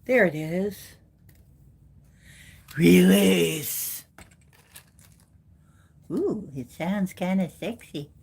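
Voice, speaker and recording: A woman's voice: fairly low pitch, expressive, a little slow, few pauses, slightly rough. A woman hosting her own video, chatting playfully and reading oracle cards aloud, prone to joking voices.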